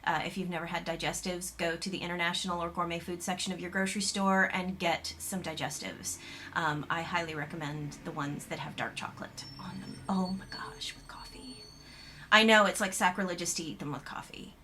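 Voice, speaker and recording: Woman, American accent, bright tone, fairly low pitch, casual vlog chat, rambling, lots of fillers. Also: fairly even intonation, brisk, slight background noise. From United States. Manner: chatty and rambling, with frequent fillers, restarts and little laughs. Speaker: YouTube vlogger.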